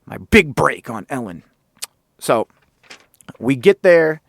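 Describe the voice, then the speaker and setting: Male podcast host, mid-pitched, casual profane storyteller, dry close mic. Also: takes it slowly, creaky, no echo. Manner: profane, animated, sarcastic.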